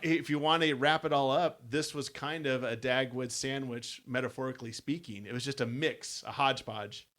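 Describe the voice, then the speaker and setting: Male co-host, mid pitch, relaxed reader, casual podcast tone. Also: normal speed, hardly any pauses. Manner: easygoing, chuckling. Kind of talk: casual chat and reading aloud from a story book.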